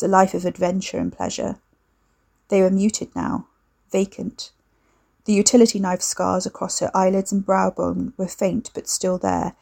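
Woman reading a dark story, low husky-gravelly voice, steady pace. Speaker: narrator. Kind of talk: scripted audiobook narration.

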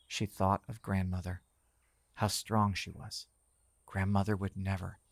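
A man reading scripted horror narration in a measured, tense storytelling manner. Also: deep voice, gravelly, dry recording, studio quality.

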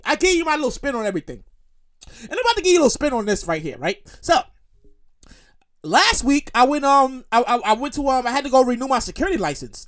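A man from Brooklyn with a New York accent, hosting a podcast and telling profane, repetitive stories in a casual monologue. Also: very high voice. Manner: animated, profane, repetitive storytelling. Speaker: podcast host.

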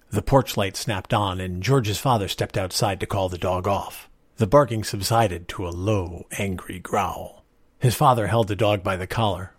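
A man narrating a story in a measured, expressive reading voice. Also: sits low, breathy edge, no room sound, clean studio sound.

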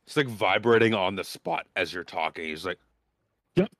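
Animated low-voiced male game master. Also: a little fast, no room sound, clean studio sound. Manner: animated, chatty, laughing. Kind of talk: narrating a tabletop game.

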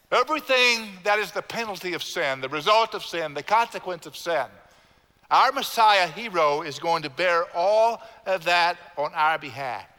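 In a church sanctuary, a pastor preaches a sermon full of emphatic repetition and has the congregation repeat lines after him. His voice is high, pushed and bright. A long church-hall reverb fills the recording.

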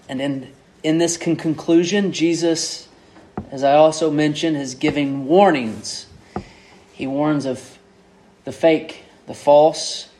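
Male pastor mid-sermon, unhurried delivery, leans on key words, slightly high voice. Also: darkish tone. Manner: measured, repeats and stresses key words.

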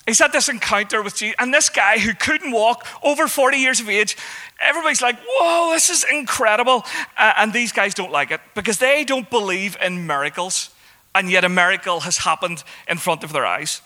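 A man delivering a sermon with a high, sharply bright voice. He speaks conversationally and pauses to search for words. Then he lifts into emphatic exhortations. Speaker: preacher.

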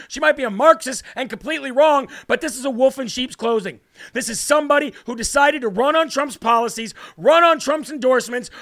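A man hosting a live political commentary show, fiery and preacher-like, shouting at times. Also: extremely high pitch. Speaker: host.

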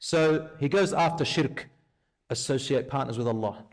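A man preaching a sermon, telling a story and acting out its dialogue in lively, conversational speech. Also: medium pitch, moderate pace.

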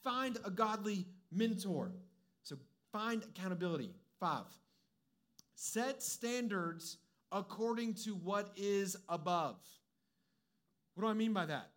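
A man's voice: high voice, lively intonation, takes it slowly, fairly bright tone. A young adult man giving a conversational, humorous sermon as a preacher, mixing personal stories with direct advice.

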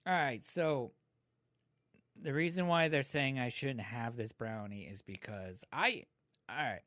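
A man in his thirties tells a long story in a relaxed, swearing, conversational way. His voice sits at an ordinary pitch and is recorded close and dry, with no room sound. When he quotes other people he gets louder and more animated. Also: measured pace, no room sound. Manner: laid-back, profane, animated when quoting others. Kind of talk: casual storytelling among friends.

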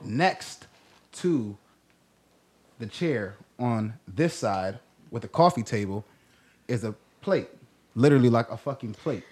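A young man co-hosting a casual podcast, rambling through a profane story in animated chat. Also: medium pitch, slow, pauses often. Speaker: podcast co-host.

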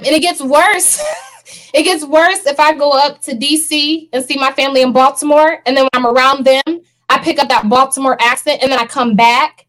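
A woman with a high-pitched voice leads a casual panel talk. She speaks earnestly and animatedly, with frequent laughter. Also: fairly bright tone, poor audio. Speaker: podcast co-host.

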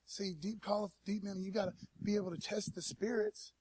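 A pastor preaching a casual sermon at a church service, in a laid-back, slangy way and calling on the congregation to respond. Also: male voice, sits high, steady tone, fairly quick, darkish tone, husky, no room sound. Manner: laid-back slangy preaching, peppered with "man" and "you know what I mean"; calls for audience response.

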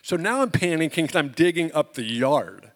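A man preaching as a pastor, telling a personal story and acting out the dialogue with lively energy. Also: on the high side, moderate pace, long reverb tail. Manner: animated storyteller, acts out dialogue. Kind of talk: storytelling sermon.

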